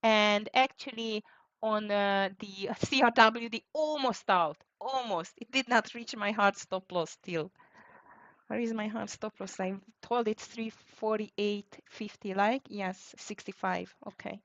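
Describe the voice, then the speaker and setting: A woman's voice: medium pitch, a little slow, fairly bright tone, no room sound. A woman hosting a live trading stream, thinking aloud in slightly as she calls out prices and frets about the market. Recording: dry, dull lo-fi sound.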